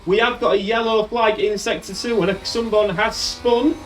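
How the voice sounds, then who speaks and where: Here a man hosts a gaming video, offering exasperated, casual running commentary on a race in his management game. His high-pitched voice keeps fairly even intonation at a moderate pace. A distant mic picks up game music and a little hiss or hum.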